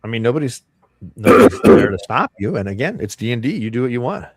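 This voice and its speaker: A man narrating as dungeon master in a relaxed, rambling way with many fillers. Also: medium pitch, fast talker. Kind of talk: narrating a tabletop game.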